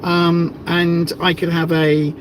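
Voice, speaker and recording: A woman's voice: lowish voice, level tone, slow, background noise. Chatty woman livestreaming. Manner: chatty, rambling, with many fillers. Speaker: livestream co-host. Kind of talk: casual livestream chat.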